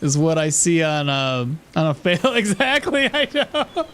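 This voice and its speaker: High-voiced, joking game streamer man. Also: big pitch swings, measured pace, fairly bright tone. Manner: joking, laughs often, rambling asides. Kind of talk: casual live gameplay commentary.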